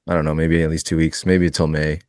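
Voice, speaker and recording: Man, deep voice, relaxed rambling trading talk, dry close sound. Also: fast talker, no echo. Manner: relaxed, rambling, laughs often. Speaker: futures trader on a live show. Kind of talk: casual live-stream chat while trading.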